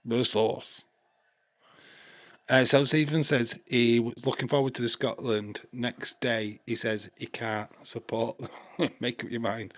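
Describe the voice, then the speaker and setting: A man in his fifties chats loosely on a live stream, cracking crude jokes and laughing as he rambles. His voice sits at a middling pitch. It sounds dry and a little dull through his stream mic. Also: little pitch movement, slow pace, no room sound. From England. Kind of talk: casual live watch-along chat.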